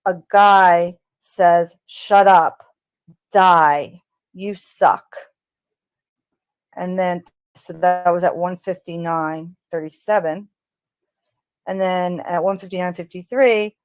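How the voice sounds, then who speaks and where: Woman, true crime host, casual commentary. Slow and hesitant, lowish voice, dry close sound. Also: darkish tone, clear, resonant tone, no room sound. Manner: unhurried, hesitant with frequent ums.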